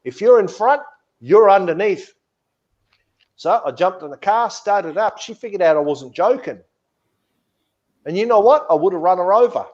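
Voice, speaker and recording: A man's voice: high-pitched, expressive, moderate pace, darkish tone, highs cut off. A man telling a story in casual podcast chat, blunt and indignant, swearing freely. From Australia. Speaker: podcast co-host.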